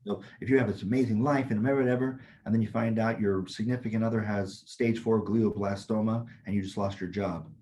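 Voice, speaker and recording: A man's voice: on the low side, steady tone, fairly quick, hardly any pauses, a little mellow, slight background noise. A man co-hosting a casual podcast as a Taoist teacher, talking bluntly, swearing freely and telling stories with energy. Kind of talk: casual chat.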